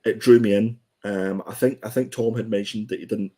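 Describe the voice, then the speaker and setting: A man with a slightly low voice talks through a comic review in a relaxed, casual way. He hesitates often, filling gaps with ums and restarting his sentences. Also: brisk. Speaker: comic book podcast co-host.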